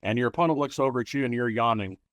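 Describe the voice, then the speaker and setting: A man's voice: medium pitch, very fast, fairly bright tone, no echo. A man hosting an interview, talking in a rambling way with lots of restarts and anecdotes. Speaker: host. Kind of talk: interview talk.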